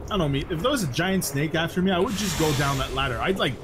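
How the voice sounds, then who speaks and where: A man's voice: on the high side, animated, fast talker. A man hosting a gaming stream, bantering with dad jokes and puns. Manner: joking, pun-loving banter. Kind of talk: casual gaming stream chat. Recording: noisy background.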